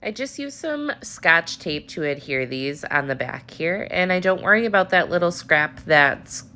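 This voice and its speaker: A woman with a low voice and a stuffy, allergy-clogged nose walks viewers through a craft project. She keeps it chatty and upbeat, as if talking to friends. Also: lively intonation, measured pace, bright, forceful tone. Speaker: papercraft tutorial host. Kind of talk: casual crafting tutorial.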